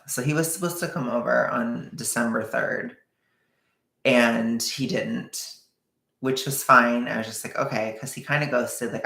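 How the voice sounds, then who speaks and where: A man's voice: medium pitch, vocal fry, a bit bright, roomy sound. A young man telling a personal story in a casual, rambling way, full of fillers and quoted back-and-forth.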